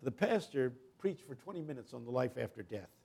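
An older man preaching a guest sermon, telling stories with humor and building to loud, impassioned climaxes. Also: medium pitch, big pitch swings, a little fast, gravelly, breathy edge.

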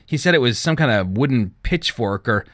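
A man voicing a fatherly small-town police chief and pastor, speaking gently and with feeling. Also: medium pitch, animated, brisk, no echo, clean studio sound, natural voice. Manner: gentle, emotional.

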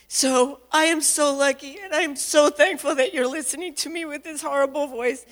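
A woman's voice: sits high, normal speed, few pauses. A woman giving a heartfelt, emotional testimony of gratitude in a church, her voice close to tears. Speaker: congregant sharing gratitude. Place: church sanctuary. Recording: reverberant hall.

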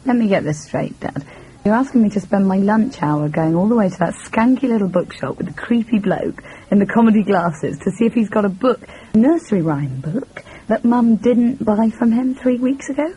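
A young woman with a husky voice, speaking in a sardonic, dry and sharp-tongued way. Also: medium pitch, lively intonation, moderate pace, rough recording. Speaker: daughter character. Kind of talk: drama acting.

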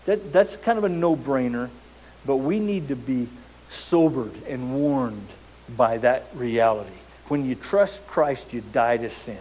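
A man preaches a sermon in a somewhat high voice, pressing his points with rhetorical questions and repeated words. A faint hiss sits under the recording. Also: lively intonation, measured pace, darkish tone, low-quality recording. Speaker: pastor.

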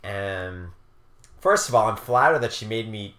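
Low-voiced man teasing on a podcast. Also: expressive, measured pace, pushed and bright, reverberant. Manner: dry teasing, hesitant with ums. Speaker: podcast co-host. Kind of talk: casual chat.

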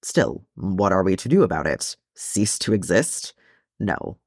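A man reading the part of a proud, weary male dwarf in a solemn, measured way. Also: sits low, big pitch swings, dry recording, studio quality, full character voice.

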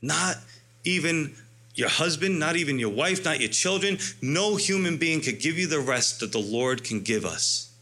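A man's voice: a little high, expressive, normal speed, bright, forceful tone. A man preaching an expository sermon, emphatic, stretching out key words and asking rhetorical questions. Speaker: pastor.

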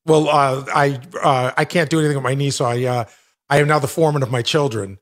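A man's voice: mid-range voice, fairly even intonation, quick pace, fairly bright tone. A middle-aged man telling self-deprecating stories on a radio show. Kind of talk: anecdotal radio banter.

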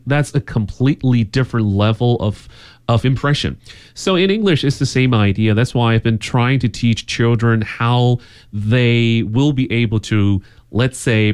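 A man's voice: mid-range voice, a little mellow. Guy co-hosting a radio talk show, earnest and thoughtful, stumbles and restarts now and then.

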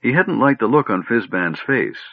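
A man narrating a fantasy story in a measured storytelling manner. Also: medium pitch, sing-song, creaky, no echo. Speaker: audiobook narrator. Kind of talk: scripted narration. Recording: dry, tinny phone-like audio.

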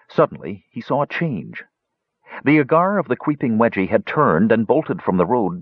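A man in scripted audiobook narration, telling a fantasy story with animated delivery. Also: lowish voice, breathy edge, no room sound. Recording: dull, dry lo-fi recording.

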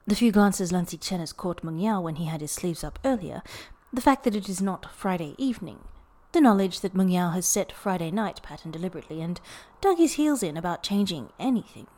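A woman's voice: fairly low pitch, animated, fairly quick, few pauses, darkish tone. Woman reading a story aloud. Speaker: podfic reader. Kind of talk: scripted narration.

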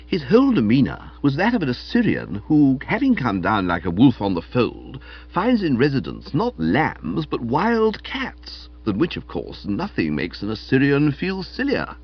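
Male audiobook reader, husky, playful comic narration, muffled lo-fi sound. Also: mid-range voice, moderate pace, hardly any pauses. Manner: animated, wry storytelling, characterful quotes. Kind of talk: scripted comic novel narration. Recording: dull lo-fi recording.

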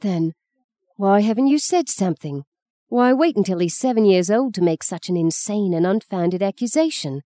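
A woman's voice: mid-range voice, expressive, moderate pace, dark tone, no room sound, studio quality, voice pushed up, natural voice. A woman reading the part of a young mother who answers defensively, strained and guarded.

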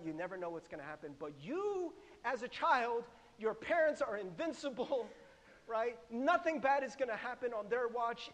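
A middle-aged man preaching a sermon in a conversational, animated way, laughing often and putting questions to the congregation. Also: high-pitched, slight background noise. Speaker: pastor. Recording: long hall reverb.

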